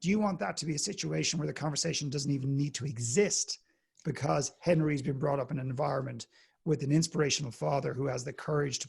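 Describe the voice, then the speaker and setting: An Irish man tells a story as a podcast guest. His voice is gravelly and a bit husky, and he acts out each character in turn. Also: mid-range voice. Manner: animated anecdote-telling, acts out the people in his story. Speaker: podcast guest, inspirational speaker. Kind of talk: storytelling in a conversational interview.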